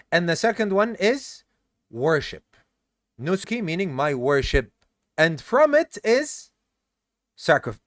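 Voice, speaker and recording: Man, tired teacher, explains point by point, quizzes the class, high-pitched, dry close sound. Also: fairly bright tone, no room sound. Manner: explains step by step, quizzes the class, mixes in Arabic terms. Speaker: teacher of an Islamic study course. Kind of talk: classroom lesson. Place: live class session with students.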